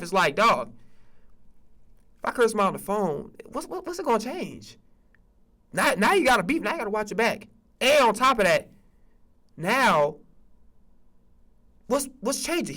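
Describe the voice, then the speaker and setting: A man with a high-sitting voice hosts a sports streaming podcast, ranting casually and animatedly with plenty of profanity. As he vents, he keeps repeating himself.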